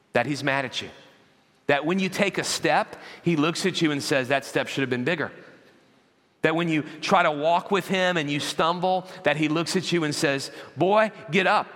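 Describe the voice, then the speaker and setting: A man preaching a sermon as pastor, telling animated stories and acting out parents and children. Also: medium pitch. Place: large church auditorium. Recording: long church hall reverb.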